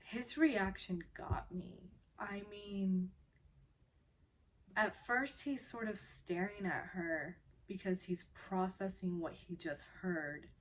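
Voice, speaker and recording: A woman's voice: fairly low pitch, takes it slowly, few pauses, a bit bright. A woman recapping a drama episode in a casual, chatty way, getting emotional and holding back tears as she talks. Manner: chatty and informal.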